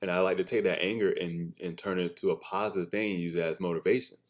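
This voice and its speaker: Hosting a casual solo podcast, a father of a son and a daughter tells blunt, candid stories, swearing freely and often laughing at his own remarks. His voice sits low, with a steady tone and a fast pace.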